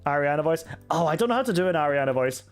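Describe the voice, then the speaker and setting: A man's voice: fairly high pitch, animated, rapid-fire. A young Scottish man streaming a game, chatting casually and with self-mockery as he reads out viewer messages and answers them. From Scotland. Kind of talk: casual live-stream chat while gaming. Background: faint background music.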